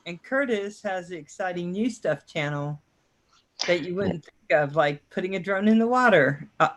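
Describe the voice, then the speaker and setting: A woman's voice: lowish voice, expressive, moderate pace. Woman, co-host of a live drone chat; chatty, teasing, loves a story. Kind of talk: casual live-stream chat.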